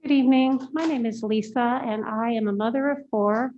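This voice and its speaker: A woman's voice: on the high side, moderate pace, dark tone. A woman in her forties, a mother of four, speaking in a concerned, down-to-earth way at public comment. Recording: dull lo-fi meeting audio.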